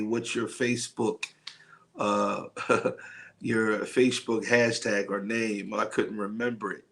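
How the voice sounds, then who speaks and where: A pastor hosting a men's night livestream speaks in a low, gravelly voice. He talks slowly and loosely, full of ums and uhs. He greets viewers by name as he goes. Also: fairly bright tone. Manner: slow and rambling, many fillers, greets viewers by name. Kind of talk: casual livestream talk and preaching.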